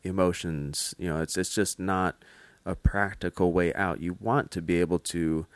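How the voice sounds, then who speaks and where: Low-voiced guy explaining treatment stuff, earnest, dead dry recording. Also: steady tone, normal speed, no room sound. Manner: earnest, explanatory, many restarts. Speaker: mental health clinician guest. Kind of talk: casual podcast chat.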